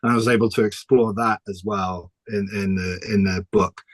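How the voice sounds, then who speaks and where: A man with a low voice talks loosely and warmly about his drawing work, often trailing off and laughing. The recording is dry, with little room sound. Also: steady tone, normal speed, no echo. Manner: chatty, laughs often, restarts sentences. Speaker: comic artist guest. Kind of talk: casual interview chat.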